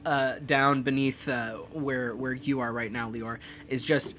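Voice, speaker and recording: A man narrating as game master of a tabletop game, animated and quick to laugh, with dramatic narration. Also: mid-range voice, faint music behind.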